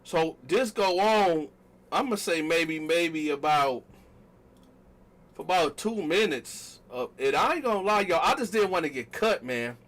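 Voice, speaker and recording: A man with a high, bright, forceful voice tells a story in a casual monologue. He keeps turning to the viewers and acting out the dialogue with a lot of energy. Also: measured pace. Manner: animated, talks straight to viewers, acts out quotes loudly. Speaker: storytelling vlogger.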